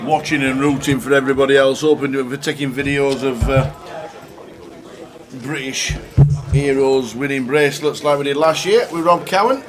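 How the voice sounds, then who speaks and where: A man's voice: medium pitch, fairly even intonation, normal speed. A man commentating live poker in a chatty, upbeat way, reading out chip counts. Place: poker tournament room. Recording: noisy poker room crowd behind.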